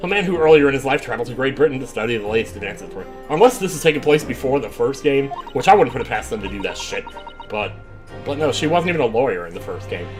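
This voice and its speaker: A man giving chatty, excitable commentary while playing a video game, with frequent exclamations. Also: mid-range voice, fast talker. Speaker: let's play streamer. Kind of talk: gaming commentary. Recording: faint game music behind.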